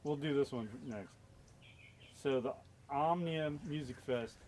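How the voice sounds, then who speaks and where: Man interviewer, mid-pitched voice, short casual questions, faint outdoor noise. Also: a little slow, darkish tone. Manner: brief prompting questions.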